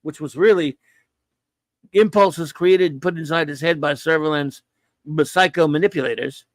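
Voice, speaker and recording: A man's voice: fairly high pitch, normal speed, no echo. A man talking casually as a guest, rambling enthusiastically and acting out quoted dialogue. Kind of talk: casual chat.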